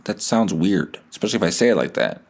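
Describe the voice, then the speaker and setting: A man's voice: low voice, big pitch swings, fast. A man in his thirties hosting a podcast, telling a rambling, self-deprecating comic story with some swearing. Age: 30s. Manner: rambling, digressive, profane storytelling. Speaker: podcast host. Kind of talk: comedic podcast monologue.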